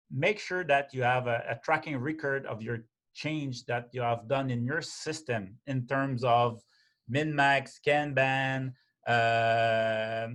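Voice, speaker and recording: A man giving a webinar presentation, talking in a halting way with many restarts and fillers and checking in with a frequent "okay?". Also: mid-range voice.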